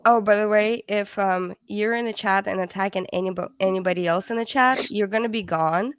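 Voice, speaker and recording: A woman's voice: mid-range voice, a little fast, clear, resonant tone, no echo. Woman hosting a livestream, reading comments, chatty and giggly, dry close mic. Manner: chatty, laughs easily, trips over words. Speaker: livestream host. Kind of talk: casual livestream chat, reading comments aloud.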